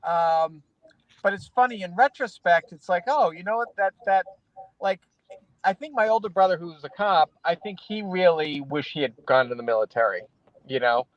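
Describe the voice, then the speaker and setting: Man, high voice, dry sound, laughs a lot, halting anecdotes. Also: no room sound, muffled recording. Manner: laughs often, halting restarts while telling anecdotes. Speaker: guest. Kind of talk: casual chat.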